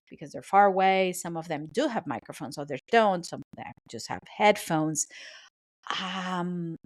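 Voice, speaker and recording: A woman hosting her podcast alone from a small soundproofed home office, chatty and apologetic, sometimes tripping over her words. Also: medium pitch. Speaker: podcast host. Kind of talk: solo podcast monologue. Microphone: studio microphone.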